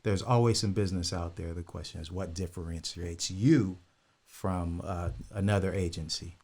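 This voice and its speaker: An older man from California, a guest telling his story in a relaxed, rambling way with many fillers. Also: sits low, normal speed. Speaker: guest, insurance broker. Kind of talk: casual interview chat.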